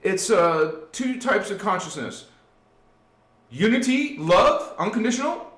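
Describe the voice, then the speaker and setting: A man hosting a live spiritual talk, preaching emphatically to his listeners and swinging from hushed to loud. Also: sits high, big pitch swings, measured pace, roomy sound. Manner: preachy, addresses listeners directly. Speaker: spiritual channel host.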